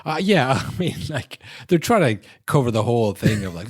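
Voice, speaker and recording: A man's voice: mid-range voice, big pitch swings, normal speed, husky, no echo, clean studio sound. A young man co-hosting a podcast in casual chat, rambling with many "you know"s and acting out short exaggerated bits. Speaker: podcast co-host.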